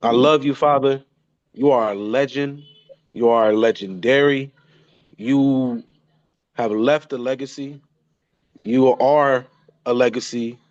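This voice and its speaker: A man in his thirties speaks an emotional tribute to his father, stumbling over and repeating his phrases. His voice sits at an ordinary middle pitch. The sound is dry and a little muffled. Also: steady tone, slow pace, pauses often, a little mellow, no room sound. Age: 30s. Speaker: son paying tribute. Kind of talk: heartfelt spoken tribute.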